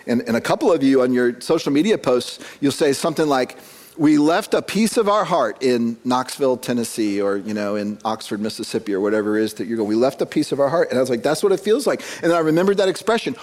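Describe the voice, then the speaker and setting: A man's voice: medium pitch, a little mellow. A man in his forties, a pastor, preaching a conversational sermon to a church congregation, telling stories with self-deprecating chuckles and often repeating words as he starts a phrase. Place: church sanctuary.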